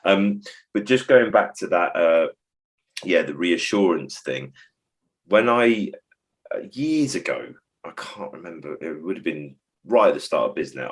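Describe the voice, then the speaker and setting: Deep-voiced man musing. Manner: reflective, digressive, acts out phrases. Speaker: behaviour support trainer. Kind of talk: podcast conversation.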